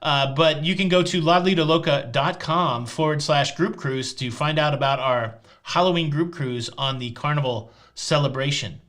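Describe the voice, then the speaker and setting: Live-stream host: man, Tennessee drawl, fairly high and bright voice, teasing deadpan jokes. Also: normal speed, few pauses. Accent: Southern US, Tennessee. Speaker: host of a live cruise show. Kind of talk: casual live-stream chat answering viewer questions.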